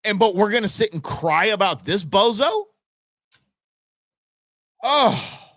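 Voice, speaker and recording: Male talk host, middle-aged, blunt and exasperated; lively, somewhat high voice, dry studio sound. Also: takes it slowly, no room sound. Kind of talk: opinionated live show rant.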